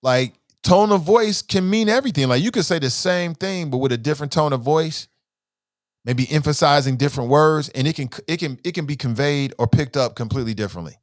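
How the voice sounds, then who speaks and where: A man's voice: a little high, fairly quick, dry recording, clean studio sound. A man hosting a casual news commentary show, chatting and asking viewers questions.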